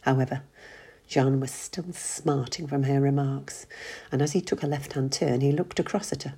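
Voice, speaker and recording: A woman reading a short story aloud, narrating in a steady, husky voice. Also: extremely low pitch, normal speed.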